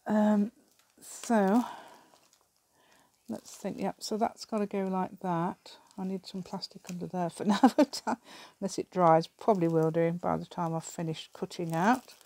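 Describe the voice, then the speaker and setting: A middle-aged woman with an English accent talks to her table camera while she crafts, her voice sitting slightly low. She rambles and thinks aloud, often breaking into a laugh between thoughts. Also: fairly even intonation, unhurried, mellow. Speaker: craft vlogger. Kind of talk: casual chat while crafting.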